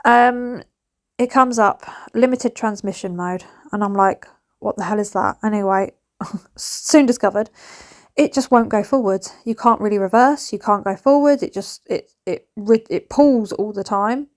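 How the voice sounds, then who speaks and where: A woman's voice: medium pitch, unhurried. Mum in her 40s rambling away in a casual vlog, chatty and laughing. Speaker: vlogger. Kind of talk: casual chat.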